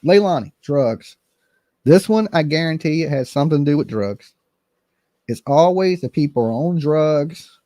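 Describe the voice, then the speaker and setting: A man's voice: a little high, lively intonation, moderate pace, warm tone, no room sound, clean studio sound. A man hosting a casual commentary stream, blunt and rambling, swearing freely. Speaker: channel host.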